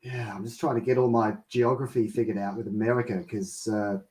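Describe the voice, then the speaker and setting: A man's voice: lowish voice, level tone, a little fast, a little mellow, recorded from a distance, rough recording. A man from Australia chatting casually on a live stream, hesitant, with many fillers and restarts. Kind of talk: casual chat.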